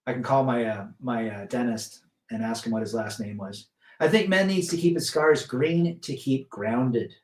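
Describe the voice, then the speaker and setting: In an echoey room, a man with a mid-range, slightly mellow voice runs a laid-back live stream. His talk wanders, he reads chat messages out loud, and he frequently starts over.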